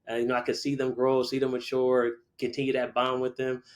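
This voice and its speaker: Male guest, 40s, teacher; lively storyteller who slips into quoted voices. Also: mid-range voice, brisk. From Connecticut, USA. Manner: animated storyteller who acts out quoted people. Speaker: guest, middle school teacher. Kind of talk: casual storytelling interview.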